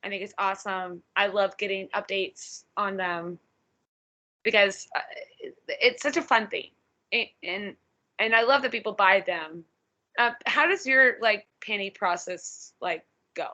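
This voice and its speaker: Bright, blunt woman podcast host. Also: medium pitch, unhurried. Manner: blunt and profane. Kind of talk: casual chat.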